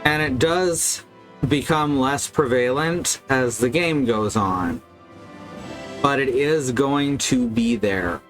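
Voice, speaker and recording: A man's voice: medium pitch, takes it slowly, over music. A man streaming a video game live, commenting casually and wryly. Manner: casual, wry, critical.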